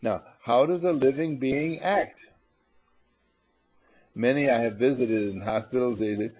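A man giving a spiritual lecture to a live audience, animated and teasing, acting out little scenes as he goes. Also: mid-range voice, unhurried, pauses often, slightly rough. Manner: animated, acts out little scenes in funny voices; coaxes and teases the audience. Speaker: motivational speaker.

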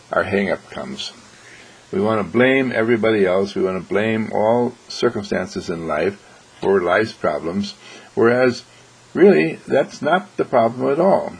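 Husky gravelly guy doing an earnest inspirational radio talk, kinda preachy. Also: on the low side, rough recording. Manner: earnest, preacherly, acts out everyday dialogue. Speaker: spiritual teacher hosting an inspirational program.

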